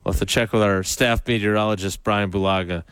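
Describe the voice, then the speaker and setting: A man co-hosting a sports radio show, steering segments with dry, steady humor. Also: lowish voice, brisk, clear, resonant tone, no room sound. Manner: dry, steady, plays along with the jokes. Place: radio studio.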